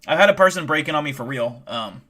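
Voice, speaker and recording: A streamer host chatting casually and telling a rambling, profane tall tale with many restarts. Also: male voice, fairly high pitch, expressive, quick pace, sharp tone. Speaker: livestream host.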